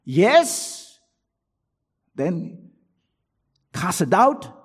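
A man preaching a sermon, swinging between loud rhetorical questions and low asides, and reading quotations aloud from books. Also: big pitch swings, measured pace, slightly rough.

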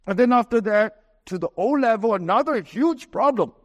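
A man with a Singaporean English accent preaching a sermon as pastor, emphatic, with slow, drawn-out scripture quotes. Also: sits high, lively intonation, in a large hall, highs cut off.

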